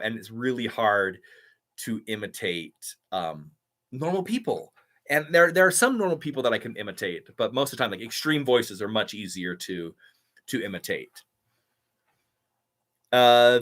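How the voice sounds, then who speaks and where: A young man with a medium-pitched, slightly bright voice chats casually on a live stream. As a YouTube impressionist answering live chat, he's upbeat, reading viewer comments out loud and thanking people.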